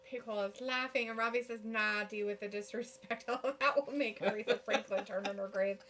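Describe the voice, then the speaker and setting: A woman with a bright, somewhat high voice reacts casually to a live wrestling show, laughing often and reading viewer comments aloud. A faint hum sits under her voice. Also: steady tone, brisk. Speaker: co-host of a wrestling watch-along stream.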